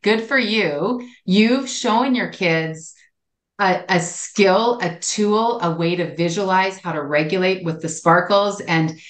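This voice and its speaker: A woman co-hosting a psychology podcast, speaking in a reflective, measured and affirming way. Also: fairly low pitch. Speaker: podcast co-host, relationship psychologist. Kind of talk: casual chat. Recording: roomy echo.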